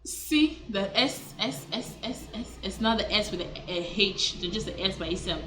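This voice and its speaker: In a casual vlog lesson, a female language teacher with a mid-range, expressive, sharp-toned voice teaches words, repeating each slowly and correcting herself in a chatty way. Faint music plays behind her.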